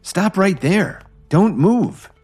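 A man voicing a brisk, tough female police officer in an audiobook story. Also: mid-range voice, sing-song, slightly rough, soft background music, pitched above the performer's own voice. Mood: commanding. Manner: urgent, commanding.

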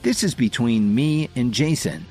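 A man's voice: medium pitch, unhurried, a little mellow, faint music behind, lightly acted. A man voicing a coldly defiant young man. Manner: cold, unflinching delivery.

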